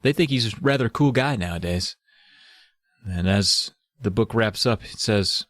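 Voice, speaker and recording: Relaxed man reading aloud, dry sound. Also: lowish voice, unhurried, no room sound. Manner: relaxed, reads the book aloud with frequent "you know" and "uh". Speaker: podcast co-host. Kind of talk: comedic book recap.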